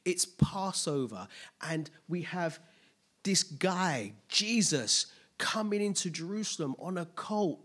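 A man preaching a sermon, asking rhetorical questions, making playful asides and building to loud, emphatic peaks. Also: on the high side, breathy edge. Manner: casual asides with playful humor.

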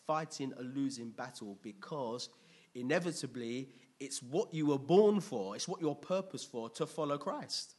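A man preaching a sermon in a conversational, lively way, asking the congregation questions. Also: medium pitch, a little slow, slightly rough.

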